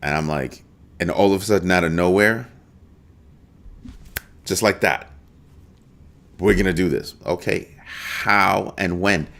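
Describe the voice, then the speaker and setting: Deep-voiced man hosting live crypto commentary. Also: measured pace, creaky, long pauses. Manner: animated, emphatic, greets chat viewers. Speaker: crypto show host.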